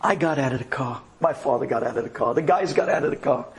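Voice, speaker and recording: A rabbi giving a dramatic personal storytelling talk, swinging from loud to quiet for emphasis. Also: male voice, mid-range voice, fast talker, a little hiss or hum.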